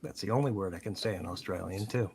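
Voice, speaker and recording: A man co-hosting and producing a true-crime live show, in a casual chat with relaxed talk, lots of fillers and laughter. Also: deep voice, fast, husky.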